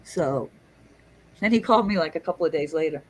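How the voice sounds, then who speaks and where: A middle-aged woman telling a story in casual chat, lively and swearing, acting out the people she quotes. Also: deep voice, a little fast, rough recording. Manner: animated, swearing, acts out quotes. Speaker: guest storyteller.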